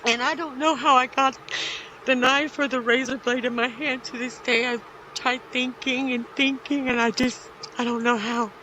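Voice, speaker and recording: A middle-aged woman, a podcast guest, telling a personal story in a halting, grief-stricken way with many pauses. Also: high-pitched, steady tone, bright, forceful tone, a little hiss or hum, low-quality recording.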